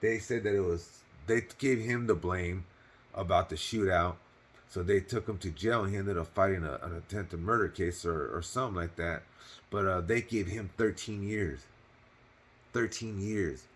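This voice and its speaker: A man's voice: deep voice, normal speed, husky. A man casually telling a personal story on his channel, in loose slang with cursing and lots of fillers, earnest and heartfelt.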